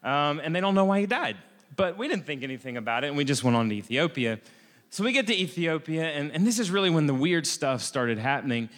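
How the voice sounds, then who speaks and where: An American man telling a self-mocking travel anecdote in a lively way, often restarting his sentences. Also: a little high, quick pace, big-room sound. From United States. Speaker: storyteller. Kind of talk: comic personal travel anecdote.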